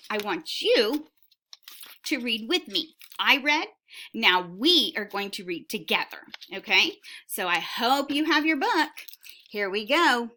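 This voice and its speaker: A woman's voice: medium pitch, bright, forceful tone. A woman teacher reading a sight word book aloud to young children, word by word, with encouraging prompts.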